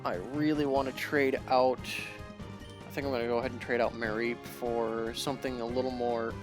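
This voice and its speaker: Slow, exasperated gaming commentator. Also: mid-range voice, animated, soft background music. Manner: exasperated, laughing in frustration. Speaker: let's play host. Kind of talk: video game commentary.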